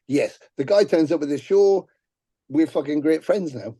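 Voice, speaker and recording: A middle-aged man, a musician guest telling profane, animated stories on a podcast and acting out the people he quotes. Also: on the high side, normal speed, breathy edge, no echo. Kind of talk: casual podcast storytelling.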